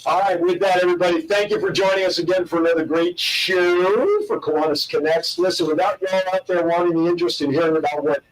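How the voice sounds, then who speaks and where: Upbeat co-host, man, high voice, sitting a little off the mic, playful joke teller. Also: fast talker, hardly any pauses, far from the mic, slight background noise, low-quality recording. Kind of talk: casual talk show banter telling dad jokes.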